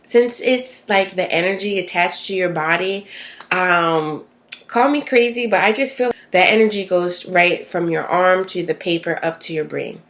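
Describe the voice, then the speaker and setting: A woman vlogging casually from her bathroom, chatty and rambling, with many fillers and tag questions. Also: fairly low pitch. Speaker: self-help vlogger. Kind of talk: casual talking-to-camera vlog. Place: small bathroom at home.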